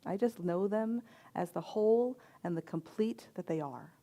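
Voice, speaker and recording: A middle-aged woman, a reverend and chaplain, giving a sermon with personal stories in a gentle, reflective voice with soft pauses. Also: medium pitch.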